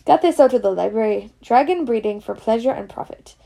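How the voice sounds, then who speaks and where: Hagrid, a woman doing a gruff Scots giant. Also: fairly high pitch, lively intonation, a little fast, warm tone. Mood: proud. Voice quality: Scots dialect words, gruff and drawn out. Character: big gruff male gamekeeper, kindly, secretive.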